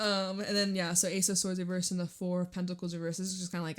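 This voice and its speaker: A woman's voice: on the low side, little pitch movement, brisk, few pauses. A woman giving a casual tarot reading in a chatty, laughing way, full of fillers. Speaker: tarot reader.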